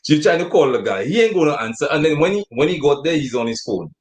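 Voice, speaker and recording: A man's voice: a little high, expressive, fast talker. A man co-hosting a casual recap chat, laying out his view in a laid-back way. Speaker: co-host.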